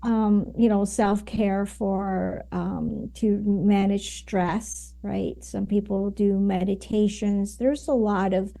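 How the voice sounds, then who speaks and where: A woman's voice: medium pitch, flat delivery, takes it slowly, creaky, hardly any pauses, dark tone. A woman guest in an interview, explaining ideas with frequent fillers and tag questions. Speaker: guest, communication coach. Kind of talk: conversational interview.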